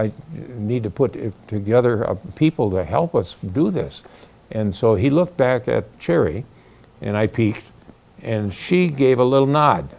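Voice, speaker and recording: A man's voice: fairly low pitch, gravelly, a little mellow. An older man telling a story in a folksy, casual way, acting out the voices of the people he quotes. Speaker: storyteller recounting the founding.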